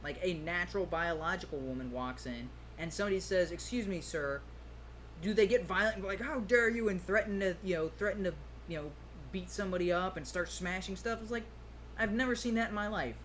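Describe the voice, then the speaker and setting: A man with a fairly high voice rambles through a casual podcast chat, jumping into little acted-out quotes as he talks. A faint hiss sits under the recording. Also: fast talker, fairly bright tone. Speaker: podcast co-host.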